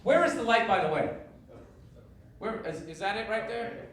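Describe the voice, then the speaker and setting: A man doing a stand-up comedy set, ranting and profane, swinging from low grumbles to shouted outrage. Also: lively intonation, moderate pace. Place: comedy club stage with audience laughter. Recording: echoey live stage recording from a distance, loud noise.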